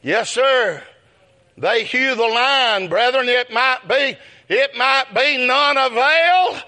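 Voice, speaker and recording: Preacher guy, real high bright voice, slow drawn-out sermon, keeps saying brethren. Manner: calls out brethren and my friend often, breaking into shouted peaks; folksy storytelling with chuckles.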